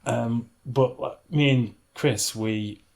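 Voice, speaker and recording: A man's voice: medium pitch, slow pace, gravelly, darkish tone. A man, hosting a podcast in casual chat, laughing often and rambling. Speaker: podcast host.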